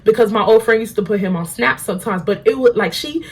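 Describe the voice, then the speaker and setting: Husky young woman telling a storytime. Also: mid-range voice, quick pace, hardly any pauses. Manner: animated, slangy storytelling that acts out quotes. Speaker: beauty vlogger. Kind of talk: storytime chat while doing makeup. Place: at home.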